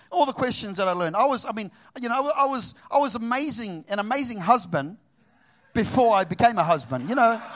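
A middle-aged man from New Zealand preaching, telling a personal story with animated delivery and acting out both sides of the dialogue. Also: high-pitched.

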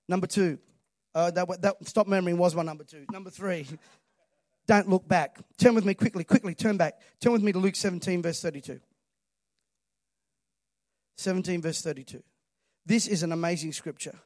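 A pastor preaches with emphatic energy and keeps calling on the congregation to answer him. His voice sits notably high for a man, and the recording is close and dry, with little room sound. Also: a little mellow, no room sound. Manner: emphatic preaching, calls for audience response. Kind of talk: sermon.

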